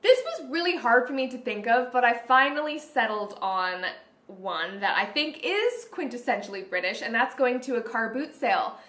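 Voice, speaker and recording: A woman's voice: a little high, animated, normal speed, fairly bright tone. A woman vlogging in a chatty, gushing way, full of "like". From Canada. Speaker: beauty vlogger. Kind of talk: casual vlog chat. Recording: roomy echoey room.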